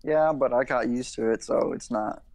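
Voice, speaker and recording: A man's voice: medium pitch, normal speed, a little mellow, no room sound, poor audio. A young man on a podcast, talking casually and rambling, with lots of "like" and half-finished restarts as he gathers his thoughts. His voice is recorded close and dry, with no room sound. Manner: rambling, full of "like" and restarts, swears. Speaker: podcast co-host. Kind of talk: casual chat.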